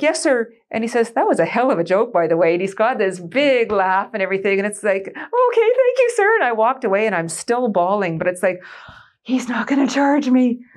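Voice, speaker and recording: A Canadian woman in her forties who once worked as a military switchboard operator tells an oral history story in a lively, anecdotal way, laughing often. Her pitch is medium, and she's recorded in a museum board room.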